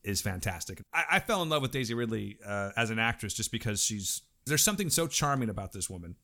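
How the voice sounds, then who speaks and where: An American man co-hosting a podcast, hoarse and losing his voice, talking fast and casually with apologetic asides. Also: lowish voice, big pitch swings, pushed and bright. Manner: quick, talkative, apologetic asides. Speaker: podcast co-host. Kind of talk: casual chat.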